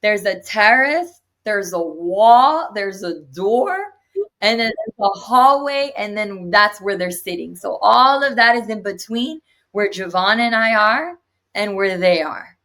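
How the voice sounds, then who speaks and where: A young adult woman, an interview guest, retelling a personal story in an animated way and acting out what others said. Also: mid-range voice, unhurried. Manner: animated retelling with acted quotes.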